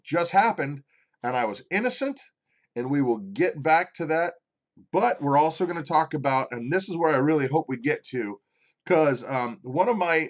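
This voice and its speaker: A man's voice: a little high, dull audio. A middle-aged man hosting a casual live stream, rambling and chatty as he reads out viewer comments. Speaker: livestream host.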